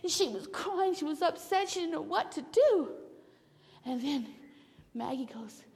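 A woman telling a Bible story to children in church, animated, with hushed whispers. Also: high voice, a little slow, creaky. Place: church sanctuary. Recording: long hall reverb of a church.

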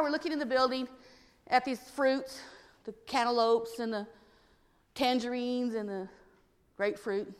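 A woman telling an expressive story to children during a church service. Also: fairly high pitch, in a large hall.

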